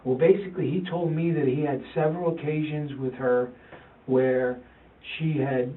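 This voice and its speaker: A man's voice: a little high, steady tone. Distressed father, stammers and repeats himself, taped in an interview room, tinny and far off. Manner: halting, repeats himself, quotes his sons. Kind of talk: police interview recording. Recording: tinny, roomy, distant interview-room recording.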